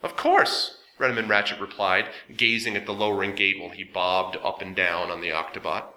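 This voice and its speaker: A man narrating an audiobook in a steady storytelling voice. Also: sits low, a little fast. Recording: echoey room.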